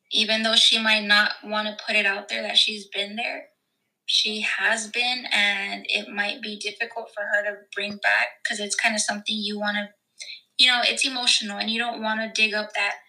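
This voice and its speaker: A young woman guest in a casual chat, talking in an emotional, halting way with many fillers. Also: medium pitch, flat delivery, bright, forceful tone, rough recording. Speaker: podcast guest.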